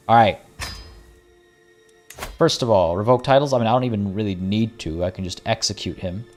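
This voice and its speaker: A man's voice: fairly low pitch, moderate pace, pauses often, a little mellow, faint music behind. A man casually talking through a strategy game on a live stream, chatty and wry, with mock-villainous asides. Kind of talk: casual live gameplay commentary.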